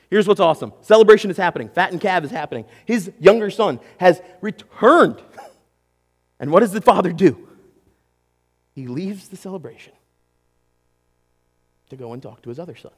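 A man preaching a sermon in an animated way, acting out quotes and talking straight to his audience. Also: high-pitched, moderate pace, long pauses, long reverb tail. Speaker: pastor.

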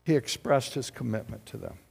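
A man, a pastor preaching a lively, conversational sermon full of rhetorical questions. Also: medium pitch, brisk, creaky, husky, in a large hall, soft background music.

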